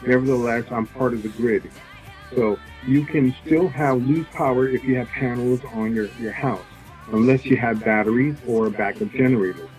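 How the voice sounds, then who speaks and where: A man working as a solar sales representative, explaining his offers in casual interview talk, halting with many fillers and restarts. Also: mid-range voice, darkish tone, soft background music, poor audio.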